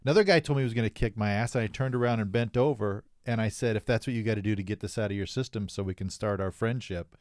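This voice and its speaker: A male podcast co-host with a lowish voice, telling a story in a rambling, hesitant way. The sound is dry and close. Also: fast talker, hardly any pauses, a little mellow, dry recording. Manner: rambling, hesitant, restarts his sentences. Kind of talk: casual storytelling chat.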